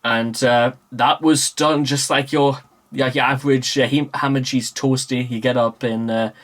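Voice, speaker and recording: A man's voice: medium pitch, fairly even intonation, moderate pace, fairly bright tone. Rambling young man. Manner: meandering, full of fillers and self-corrections. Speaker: vlogger. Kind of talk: casual rambling monologue. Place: small room with a green screen.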